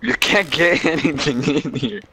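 A young man chatting casually in a multiplayer game, easygoing and quick to laugh. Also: fairly high pitch, animated, creaky, sharp tone, a little hiss or hum. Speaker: gamer.

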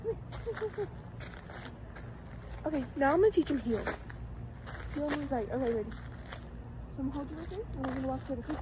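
Young woman, high voice, bossy dog-training vlogger, noisy outdoor phone audio. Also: lively intonation, fast talker, pauses often. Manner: bossy, commanding toward her dog, swears casually. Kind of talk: casual vlog talk. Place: outdoors at a park. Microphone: phone held in hand.

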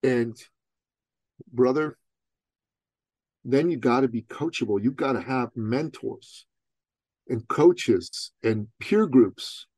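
A man's voice: mid-range voice, lively intonation, slow pace, pauses often, darkish tone, no room sound. Emphatic man with hammering rhetorical questions. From Iran. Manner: streetwise, calls the host "bro". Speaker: guest. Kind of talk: motivational storytelling in conversation.

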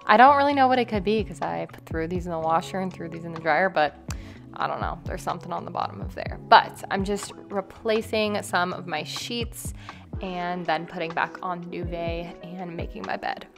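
A young woman chatting casually to her viewers at home as a lifestyle vlogger, relaxed and full of "like" fillers. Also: on the low side, normal speed, gravelly, music in the background. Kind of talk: casual chat. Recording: steady background noise.

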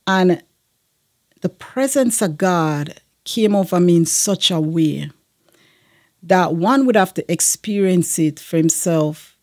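A woman's voice: lowish voice, takes it slowly, a little mellow. A woman, a guest sharing a personal testimony in an earnest manner, with frequent fillers.

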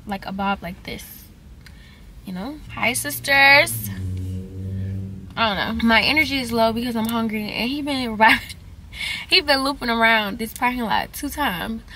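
Chatty girl in her 20s vlogging on her phone, kinda high voice, noisy background. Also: sharp tone. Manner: chatty, rambling, slangy. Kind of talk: casual vlog chat.

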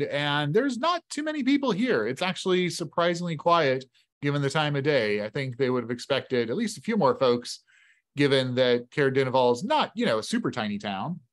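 Casual, higher-voiced solo game narrator. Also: male voice, a bit bright. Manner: casual, conversational. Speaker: game master playing solo.

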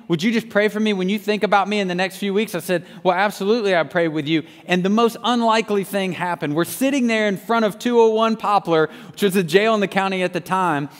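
A man's voice: sits high, long reverb tail. A man preaching a sermon, telling a story earnestly and often restarting his sentences. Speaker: pastor.

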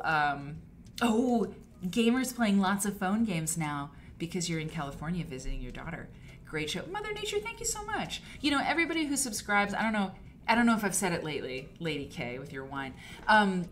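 A woman's voice: medium pitch, fairly bright tone. A woman hosting a casual live quilting stream, gushing and chatty, rambling with fillers and restarts. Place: home studio. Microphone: desk mic for a live stream.

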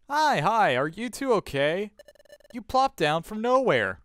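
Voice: medium pitch, sing-song, unhurried, a bit bright, dry recording. A player reading the hero's lines casually, with joking asides, in a fan dub of a game playthrough. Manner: casual, joking line reads. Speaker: let's player dubbing the hero.

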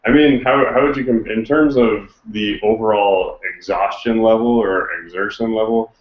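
Man, interviewer, very low voice, echoey, muffled lo-fi sound. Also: normal speed. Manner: relaxed, asks questions, gives short backchannel replies. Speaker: interviewer, podcast host. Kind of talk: casual interview chat. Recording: roomy, dull lo-fi sound.

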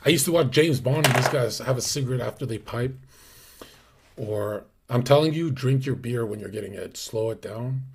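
A man hosting a livestream, talking in a brash, crude, casual way and sometimes dropping to a hushed whisper. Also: mid-range voice, moderate pace, husky. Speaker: streamer host.

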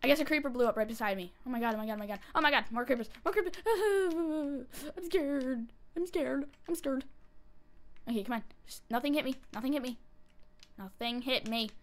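A woman giving casual commentary while she plays a game, chatty and excitable, breaking into panicky squeals and repeated pleas when things go wrong. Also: a little high, rapid-fire. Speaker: gameplay commentator.

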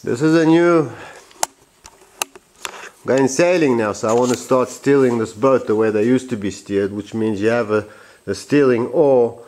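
A man who builds boats talks through his boat in a casual vlog from his workshop. He rambles, restarts and repeats phrases, with a voice of ordinary middle pitch. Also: a little slow, pauses often, a little mellow, slight background noise. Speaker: boatbuilder.

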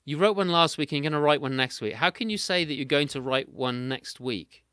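A man's voice: fairly high pitch, fairly quick, pushed and bright, clear, resonant tone, no room sound. A man from England, hosting a casual interview over a remote call, chatty and laughing often as he tells stories. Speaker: podcast host. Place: home, remote video call.

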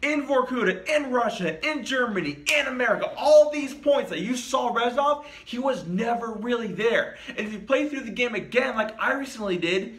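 A man's voice: extremely high pitch, lively intonation, normal speed, few pauses, fairly bright tone, reverberant. A man giving a casual, rambling, profane video review of a game as host of his channel.

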